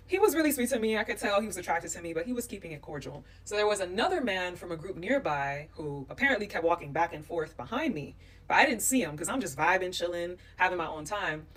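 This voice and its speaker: Animated woman telling travel stories. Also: lowish voice, far from the mic. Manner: animated, emphatic storytelling. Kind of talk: storytelling vlog.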